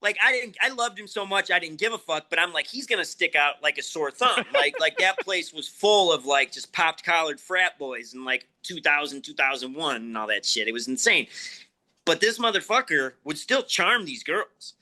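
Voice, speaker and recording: Give me a man from the Chicago area swearing and laughing through old stories, bright voice. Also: fairly high pitch, animated, moderate pace. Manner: profane, laughing storyteller. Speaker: wrestler guest. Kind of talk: casual storytelling interview.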